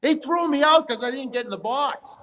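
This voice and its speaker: A man in his sixties, a podcast guest, telling lively stories and acting out what umpires said to him. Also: extremely high pitch, fairly quick, in a large hall, very noisy. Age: 60s. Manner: animated storyteller acting out quoted umpires. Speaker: guest, amateur baseball player. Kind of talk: casual interview storytelling.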